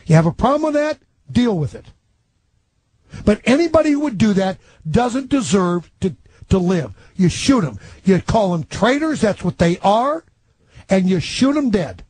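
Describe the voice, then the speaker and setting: A man's voice: high voice, big pitch swings, moderate pace, darkish tone, breathy edge, rough recording. A man delivering aggressive, inflammatory political commentary.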